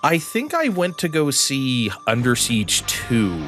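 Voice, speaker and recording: 40s guy on a podcast, bright lively voice, laughy stories, faint music. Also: medium pitch, slow. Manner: laughing storyteller. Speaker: podcast co-host. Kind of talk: casual chat.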